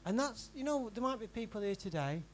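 A man preaching a sermon in a church, in a conversational style that swings from emphatic to quiet and intimate. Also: high voice, lively intonation, a little fast, a little hiss or hum, low-quality recording. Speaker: pastor.

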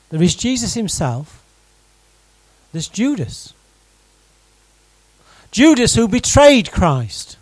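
A man preaching a sermon to his congregation in a conversational, animated way, often putting direct questions to the room. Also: fairly high pitch, no room sound, low-quality recording. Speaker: pastor.

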